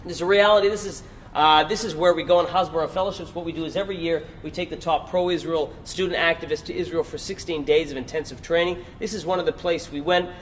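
Male workshop presenter, high voice, persuasive and emphatic, faint hiss behind. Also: steady tone, quick pace. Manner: persuasive, asks the audience rhetorical questions; emphatic repetition. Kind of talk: lecture to a live audience.

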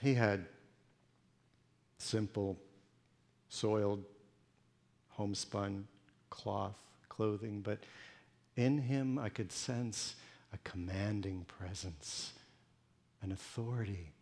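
A male pastor delivering an emotional first-person sermon monologue, moving between hushed storytelling and pleading intensity. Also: lowish voice, slow pace, pauses often.

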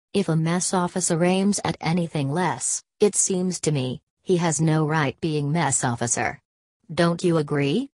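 A woman narrating a novel as an audiobook, in an even, measured reading. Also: low voice, no room sound.

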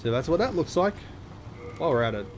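A man's voice: fairly high pitch, sing-song, quick pace, noisy background. Profane, chatty let's play man. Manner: profane, self-mocking, chatty asides. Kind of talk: casual gameplay commentary. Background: game music.

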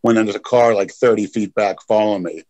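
Middle-aged man, low-pitched, rambling crude anecdotes, video call chat. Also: fairly even intonation, fast talker, a little mellow. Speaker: podcast host. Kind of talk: casual chat.

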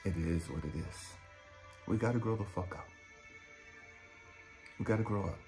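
A man giving a profane motivational talk as a life coach, blunt and intense, swinging between loud urging and low muttering. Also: normal speed, faint music behind. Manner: blunt, heavy swearing, drill-instructor intensity.

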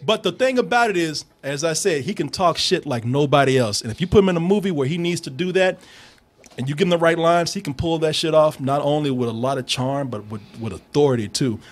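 A man hosting a casual movie review, animated and profane, laughing often and slipping into impressions. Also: on the high side, brisk.

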